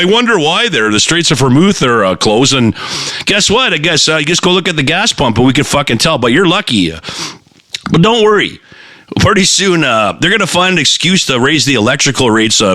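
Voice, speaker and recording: A man's voice: mid-range voice, pushed and bright, no echo, studio quality. A man co-hosting a podcast, rambling and joking in casual banter. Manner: joking, rambling, laughs often. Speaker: podcast co-host.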